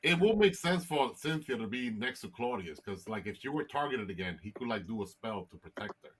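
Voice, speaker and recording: A man's voice: lowish voice, expressive, fairly quick, fairly bright tone, slight background noise. A man playing a tabletop role-playing game, walking through his character's turns in long, rambling explanations. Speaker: player. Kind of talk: casual tabletop game chat.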